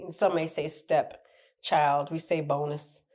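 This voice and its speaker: A middle-aged woman coach talking candidly to camera, animated and laughing as she acts out what people say to her. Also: low voice, measured pace. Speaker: relationship coach. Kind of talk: casual advice talk to camera.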